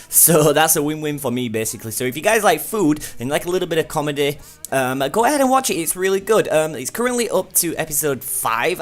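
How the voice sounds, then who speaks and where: A young man recapping and reviewing an anime episode in a casual, rambling way, full of fillers. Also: on the high side. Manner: chatty, rambling, with frequent fillers and "like".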